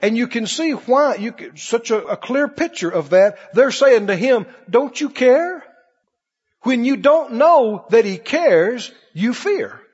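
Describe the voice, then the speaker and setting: The pastor's voice is very high-pitched with a breathy edge, animated yet unhurried, and he hardly pauses. He preaches in a storytelling style, raising and dropping his voice emphatically, on a dull lo-fi recording from a reverberant hall.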